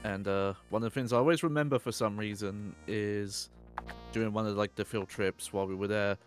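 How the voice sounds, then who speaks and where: Man, co-host, low voice, relaxed, chatty anecdotes, faint game music. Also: fairly quick. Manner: relaxed, tells anecdotes with small laughs. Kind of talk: casual let's-play commentary.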